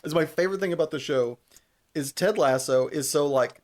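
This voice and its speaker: A young man, a podcast co-host, retelling a TV episode in casual chat, animated, laughing and swearing freely. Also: a little high, fairly quick.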